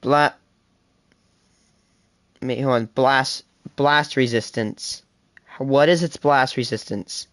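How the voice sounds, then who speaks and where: A seventeen-year-old streams live gameplay and chats the whole time. The voice sits at a middle pitch. They talk quickly, ramble to themselves and break into the odd laugh. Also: steady tone, fairly bright tone. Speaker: gaming livestreamer. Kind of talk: casual live gameplay chatter.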